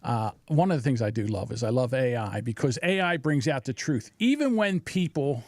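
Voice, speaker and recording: A man's voice: mid-range voice, lively intonation, normal speed, dry recording. A man co-hosting a podcast, bantering with provocative jokes in casual chat. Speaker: podcast co-host.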